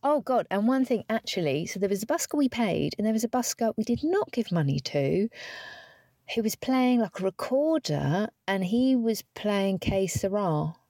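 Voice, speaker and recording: A woman's voice: medium pitch, very animated, normal speed, dark tone, no room sound, studio quality. Wry, chatty British woman. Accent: British English. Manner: chatty and wry, swears, acts out dialogue. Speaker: podcast host. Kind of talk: casual solo podcast storytelling.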